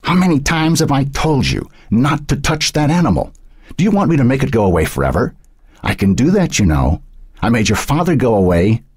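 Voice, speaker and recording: A man's voice: medium pitch, sing-song, fairly quick, breathy edge, no room sound, studio quality, pitched above the performer's own voice. A man reading an audiobook voices a furious, abusive parent who rants and threatens. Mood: menacing. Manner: shouting, scolding. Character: furious abusive mother, rasping and ranting.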